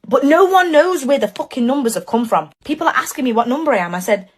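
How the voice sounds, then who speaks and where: Husky young woman. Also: sits high, fast talker. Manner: animated, exasperated, swears freely. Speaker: storyteller. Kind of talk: casual comic storytelling.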